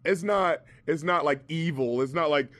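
A man with a somewhat high voice rants through a rap album review, profane and mocking. The sound is close and dry, with no room around it. He talks in a loose, casual podcast chat. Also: normal speed, no room sound. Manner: profane, mocking, animated ranting.

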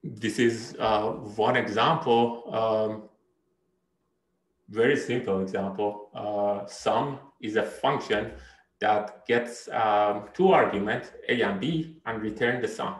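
A man's voice: on the low side, slow pace, echoey room, low-quality recording. A man giving a university lecture, hesitant, with many fillers and restarts, often checking in with "right?". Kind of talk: recorded lecture.

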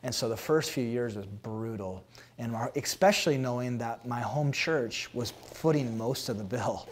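Brief: man in his thirties, pastor being interviewed, candid and lively, voices other people in his stories, mid-range pitch. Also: moderate pace. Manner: animated storytelling, acts out dialogue.

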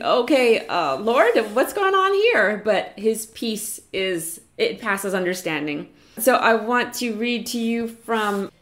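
Earnest woman preaching a chapel message. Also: on the high side. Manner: earnest, encouraging, slows down for scripture. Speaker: chapel speaker. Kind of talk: sermon.

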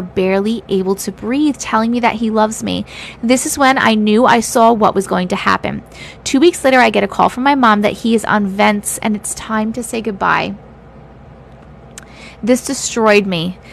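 A woman hosting a livestream, reading viewers' stories aloud with feeling, pausing to react and teasing her chat bluntly. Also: medium pitch, gravelly, slight background noise.

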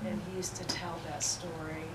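A woman reminiscing and reading poetry aloud at a peace forum, in an unhurried, warmly reminiscing way. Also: fairly low pitch, level tone. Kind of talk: spoken recollection and poetry reading. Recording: roomy, distant, noisy event recording.

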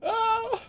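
A man's voice: extremely high pitch, pushed and bright. A man chatting casually on a live stream, giggly and repeatedly breaking into helpless laughter.

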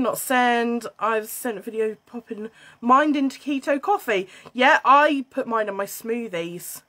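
High-pitched British woman, bubbly and excitable, chatty livestream host. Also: a little slow. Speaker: livestream host selling beauty and wellness kits. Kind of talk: casual livestream chat. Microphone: phone.

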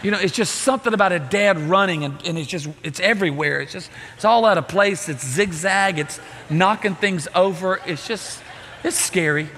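A middle-aged man preaching a sermon, telling a story with lively acted-out voices. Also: sits high, normal speed. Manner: animated storytelling, acting out voices. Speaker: pastor. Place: church sanctuary. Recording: reverberant church hall.

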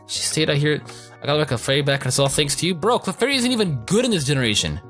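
A young man giving casual, profane commentary over his gameplay, joking, rambling and reacting loudly to what happens on screen. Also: a little high, animated, fast. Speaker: let's play gamer. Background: faint game music.

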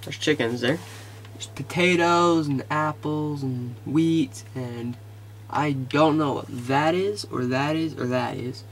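A man casually commentating his video game, excitable and easily frustrated, muttering to himself. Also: a little high, slow pace, a little hiss or hum. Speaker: gamer.

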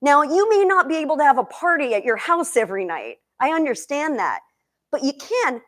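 A woman nutrition coach and cookbook author from Egypt, giving a lively talk to a live audience in a demo kitchen, asking them questions. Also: high-pitched, fairly quick. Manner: energetic, questions the audience, emotional.

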